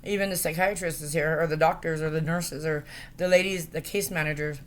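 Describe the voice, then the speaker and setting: A woman with a low voice rants into her phone camera in a rambling, distressed way. She halts often, leans on fillers and swears freely. A faint hiss of background noise sits behind her. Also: fairly even intonation. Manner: distressed, halting, profane, with many fillers. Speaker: vlogger. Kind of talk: rambling direct-to-camera rant.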